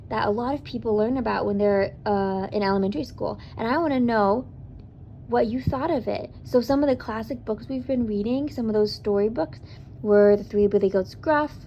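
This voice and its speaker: A woman reading a picture book aloud to children in an expressive way, pausing to ask the listener questions. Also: fairly high pitch, highs cut off, slight background noise.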